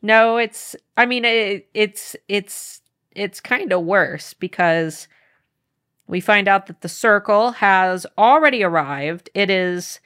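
A woman co-hosting a book podcast in a casual chat, lively and blunt, swearing casually. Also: mid-range voice, takes it slowly, smooth. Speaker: podcast co-host.

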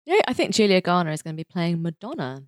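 A woman with a somewhat low voice and a very lively, up-and-down delivery chats. She restarts her sentences often and talks over her co-host in easy banter. The recording is close and dry. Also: fast talker, dry recording. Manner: chatty, restarts often, laughs easily. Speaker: podcast co-host. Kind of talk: casual chat recapping a sitcom.

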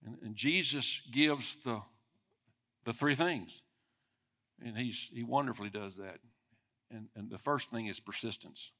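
A man's voice: mid-range voice, measured pace, pauses often. Man preaching a conversational sermon. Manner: conversational preaching, speeding up and swelling in loudness for emphasis. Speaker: pastor.

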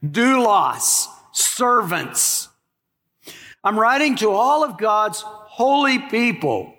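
A male pastor preaching a lively sermon, asking the congregation questions and joking with them. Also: high-pitched, extremely slow. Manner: animated preaching with rhetorical questions and asides to the congregation. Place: church sanctuary. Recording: live in a church with long reverb.

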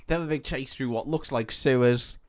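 A man co-hosting a comedy podcast, breezy and profane as he retells a film scene by scene. His voice sits at an everyday middle pitch. He slips into silly voices for the characters and laughs often. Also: brisk, a little mellow. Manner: sweary, laughing, acts out characters in jokey voices. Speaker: podcast co-host. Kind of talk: casual comedic film recap.

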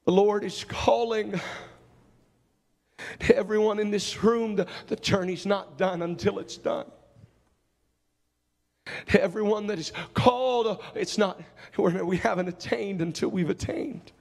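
A man's voice: high voice, measured pace, vocal fry, long pauses, a little mellow, long reverb tail. A man preaching a sermon in a church, asking searching, pleading questions and repeating his first words as he moves into an altar-call prayer. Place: church sanctuary with congregation.

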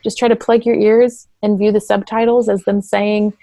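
A woman therapist explaining things in conversational interview talk, and at times acting out quick voices. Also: mid-range voice, flat delivery, mellow, no room sound. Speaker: therapist and parent coach.

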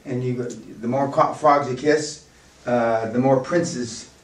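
A man's voice: medium pitch, slow pace. Blunt older man lecturing a seminar. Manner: blunt, rambling, digressive. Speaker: seminar speaker. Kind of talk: live business seminar lecture. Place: seminar room with audience. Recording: echoey room, mic from far off.

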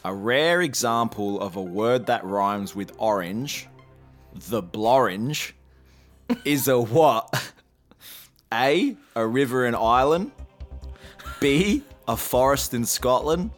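A man's voice: mid-range voice, expressive, takes it slowly, soft background music. A young man co-hosting a podcast, running a quiz with casual banter and laughing often as he teases. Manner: laughs often while teasing.

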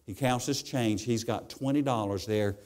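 A man's voice: mid-range voice, normal speed, a little mellow. A male preacher giving a sermon, telling stories and often repeating his words as he goes.

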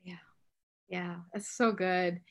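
A woman's voice: lowish voice, steady tone, takes it slowly. A woman in her fifties hosting a faith interview podcast, talking in a chatty way with many asides. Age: 50s. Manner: chatty, warm-hearted asides with many fillers. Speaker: podcast host. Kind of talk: conversational interview.

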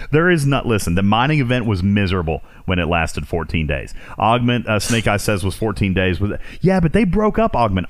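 A man hosting a podcast, chatting casually and excitedly about a mobile game, laughing often and restarting sentences. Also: on the low side, dry recording. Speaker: podcast host.

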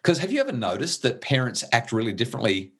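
Earnest husky-voiced middle-aged man. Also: mid-range voice, wildly swooping pitch, fast. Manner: earnest, restarts when moved. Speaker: parenting guest. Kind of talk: conversational explaining.

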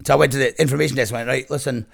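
Scottish guy, middle-aged, rattling off a story quick, gravelly, swears a lot. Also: medium pitch. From Scotland. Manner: animated, sweary, laughing storyteller with many restarts. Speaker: guest. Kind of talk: casual storytelling.

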